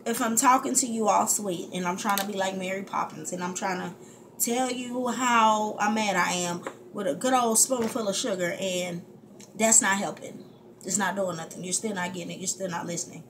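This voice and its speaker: Frustrated and heated, a female vlogger rants openly to her audience from home, her speech stopping and restarting. She speaks in a mid-range voice at normal speed, with constant hiss in the background.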